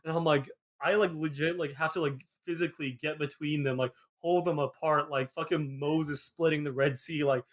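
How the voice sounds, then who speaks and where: A young man hosting a podcast, telling a story in a rambling casual way, filling every pause with "like". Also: fairly high pitch. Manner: rambling, peppered with "like", animated retelling. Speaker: podcast host.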